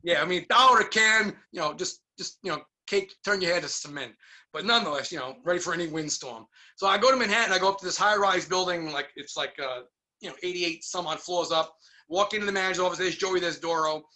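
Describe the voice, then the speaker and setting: Talking fast in a voice that sits high, a middle-aged guest musician from New York tells animated stories during a casual interview, performing the voices of those he quotes.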